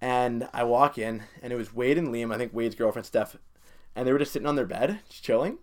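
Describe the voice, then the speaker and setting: Fast-talking young man telling a story. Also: medium pitch. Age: young adult. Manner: animated storyteller, quick and chatty, lots of "like". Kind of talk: casual storytelling chat.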